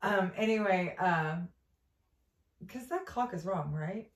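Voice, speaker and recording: A woman's voice: mid-range voice, animated, slow pace, echoey room, distant mic. A woman co-hosting a casual chat podcast, teasing her friend and laughing often. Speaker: podcast co-host.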